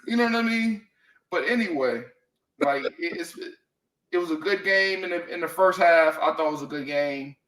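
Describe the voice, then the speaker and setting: A man's voice: a little high, moderate pace, a bit bright, echoey room, rough recording. A man co-hosting a casual sports talk show, blunt and profane, leaning on "man" and "you know what I mean.". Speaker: sports podcast co-host.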